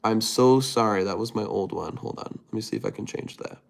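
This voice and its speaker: A man's voice: lowish voice, fairly even intonation, fairly quick, gravelly. A man hosting a casual livestream, reading viewer comments aloud and muttering to himself while he types. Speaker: livestream host.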